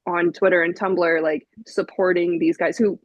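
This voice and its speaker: A woman in her twenties, a podcast guest, telling a story in a casual, animated way, laughing often and using lots of fillers. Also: fairly low pitch, normal speed, no room sound, highs cut off. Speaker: podcast guest, vinyl collector.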